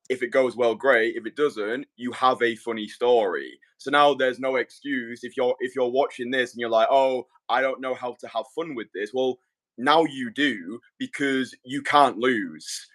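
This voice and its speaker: A man's voice: medium pitch, a little slow, fairly bright tone. A man hosting a casual podcast, summing up his guest's point with emphatic repetition. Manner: emphatic, repeats points to sum up. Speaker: podcast host.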